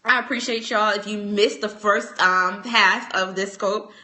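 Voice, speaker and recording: A woman's voice: medium pitch, steady tone, unhurried, bright, forceful tone. A woman talking casually to viewers on a phone livestream, playful and teasing, laughing often and using y'all and ain't. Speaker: speaker and trainer hosting a livestream.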